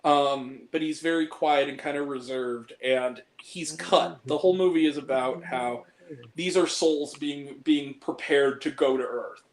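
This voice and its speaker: A man's voice: a little high, a little slow, poor audio. A young man hosting a casual film talk, speaking earnestly and from the heart about a movie that moved him. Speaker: podcast host ranking films.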